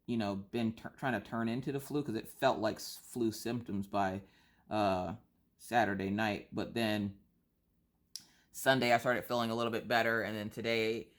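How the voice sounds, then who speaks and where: A woman with a stuffy nose chatting casually while she colors for her craft channel, complaining in an animated, exaggerated way full of rhetorical questions. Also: very deep voice, normal speed. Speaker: craft vlogger.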